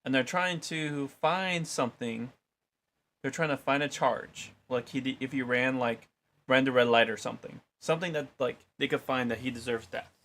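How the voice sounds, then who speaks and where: A man's voice: mid-range voice, moderate pace, fairly bright tone. A man reading a Bible passage aloud and then discussing it casually with many fillers. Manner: reads aloud, then chats loosely with many "like"s. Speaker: Bible study co-host. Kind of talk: scripture reading with casual commentary.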